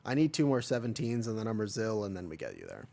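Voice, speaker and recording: A man's voice: fairly low pitch, wildly swooping pitch, fast, creaky, dark tone. A young man from America, streaming a game and chatting casually with viewers, rambling and joking as he answers chat. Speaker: livestreamer. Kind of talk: casual livestream chat while gaming.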